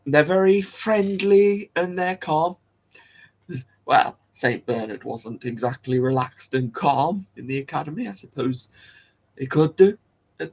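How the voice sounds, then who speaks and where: A man's voice: on the high side, animated, measured pace, darkish tone. A man hosting a casual solo talk, rambling and giggling with many restarts. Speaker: host. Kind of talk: casual solo talk about dog breeds.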